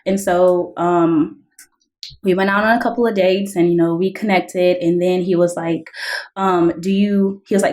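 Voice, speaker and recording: A woman guest talking through a personal testimony in an earnest, conversational way. Her voice sits a little low for a woman, and she leans on "like" as she goes. She jumps up in pitch when she acts out what people said. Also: fairly even intonation, normal speed, darkish tone. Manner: earnest, heavy use of "like" fillers; reenacts dialogue in raised voices. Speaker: podcast guest.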